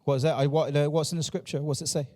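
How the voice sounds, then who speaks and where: A man's voice: fairly high pitch, flat delivery, fast, mellow, big-room sound. A man preaching a sermon as pastor, repeating phrases and drawing answers from his congregation. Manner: repetitive, call-and-response with the congregation. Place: church.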